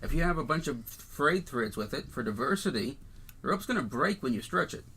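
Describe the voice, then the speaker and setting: A man's voice: mid-range voice, animated, brisk, pushed and bright, husky. A man from Canada, co-hosting a casual political podcast and talking emphatically, often repeating words as he starts a point. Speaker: podcast co-host.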